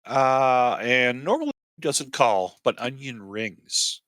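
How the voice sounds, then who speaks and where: Lively man, dry close sound. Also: medium pitch, slow, no room sound. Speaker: player reading donor messages. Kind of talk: casual chat.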